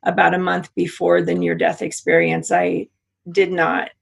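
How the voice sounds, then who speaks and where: Interview guest: middle-aged woman, husky and gravelly, halting personal account. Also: lowish voice, sing-song. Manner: halting, many restarts and repeats. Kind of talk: personal story in conversation.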